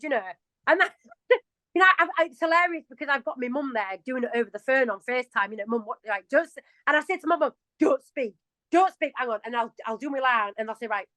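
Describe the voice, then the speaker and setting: A woman in her early forties with a broad Yorkshire accent talks casually as an interview guest. She is chatty and self-mocking and laughs often. Her voice sits high, and the sound is close and dry, with little room tone. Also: sharp tone, no echo, rough recording. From England. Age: 40s.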